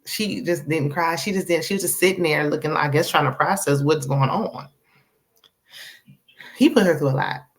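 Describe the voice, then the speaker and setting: A woman hosting a casual TV episode recap, sassy and animated, acting out the characters' lines. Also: low voice, moderate pace. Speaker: TV recap host.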